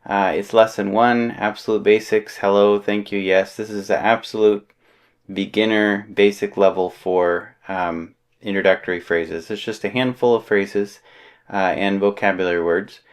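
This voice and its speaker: Low-voiced man teaching a casual lesson. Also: moderate pace. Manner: relaxed, explanatory, with frequent fillers. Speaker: language teacher.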